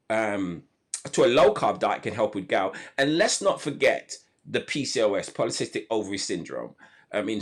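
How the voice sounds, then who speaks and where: A man hosts a live health podcast over a video call, speaking enthusiastically with many fillers and frequent sentence restarts. His voice is lowish and husky.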